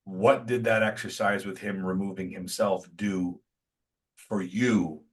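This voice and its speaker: A man hosting a podcast, telling a story in an emphatic, blunt, self-deprecating way that includes swearing. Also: sits low. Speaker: podcast host. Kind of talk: casual storytelling chat.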